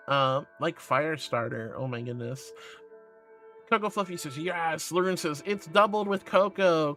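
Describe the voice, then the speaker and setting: A man's voice: on the high side, sharp tone. A man streaming casually, playfully and affectionately reading chat aloud.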